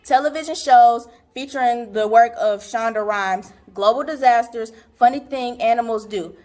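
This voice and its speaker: A woman's voice: on the high side, normal speed, a little mellow, faint music behind, natural voice. A young woman acting a blunt teenage girl handing out advice in a stage monologue. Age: young adult. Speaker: student actor.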